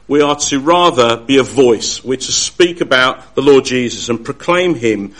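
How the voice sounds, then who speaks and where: A man giving a Bible study talk, earnest and halting, often restarting his sentences. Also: medium pitch, animated, fairly bright tone. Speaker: Bible teacher.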